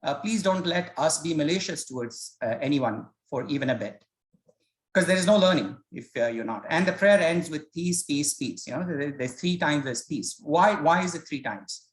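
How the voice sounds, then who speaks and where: A man's voice: fairly high pitch, expressive, normal speed, roomy sound, low-quality recording. A man leading a scripture study session, talking in a hesitant, conversational way and telling stories as he explains. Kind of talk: informal spoken lecture with storytelling. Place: self-recorded study session.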